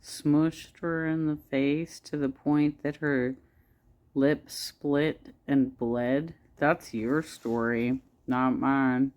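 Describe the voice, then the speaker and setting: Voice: mid-range voice, fairly even intonation, extremely slow, darkish tone. A co-host reacting to a clip with sarcasm and exasperated disbelief. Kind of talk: reaction commentary.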